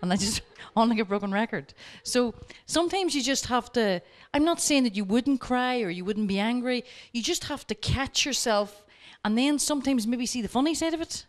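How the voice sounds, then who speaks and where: A woman speaking at a workshop, telling lively stories and coaching her audience directly. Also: a little high, moderate pace, hardly any pauses. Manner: lively anecdotes, acting out both sides of the dialogue. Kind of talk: storytelling lecture.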